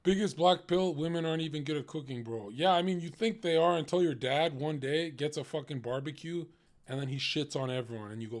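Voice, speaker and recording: A young man ranting through a livestream reaction. His voice sits a little high for a man. He talks in a crude, mocking way and swears constantly. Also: fairly quick.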